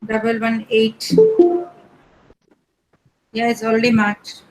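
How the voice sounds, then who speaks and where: A woman teacher, calling the roll in an online class in a brisk, matter-of-fact way. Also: on the high side, completely flat delivery, faint music behind, low-quality recording. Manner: reads names one by one in a brisk, matter-of-fact way.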